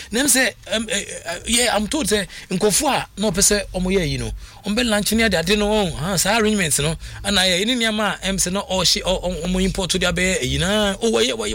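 A man with a Ghanaian accent talking football as a radio pundit, excitable and rambling, laughing often. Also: high-pitched, moderate pace. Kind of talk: casual radio talk.

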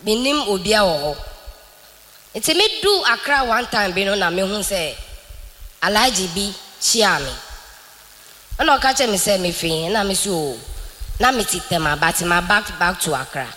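A woman telling an animated church testimony, mixing in English. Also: medium pitch, moderate pace, pauses often, big-room sound. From Ghana. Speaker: church member giving testimony.

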